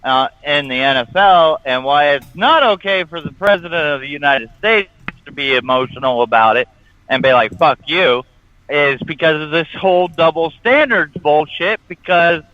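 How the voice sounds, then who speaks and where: A man's voice: on the high side, normal speed, dry recording, dull audio. A man co-hosting a morning radio show, ranting bluntly and profanely in casual banter.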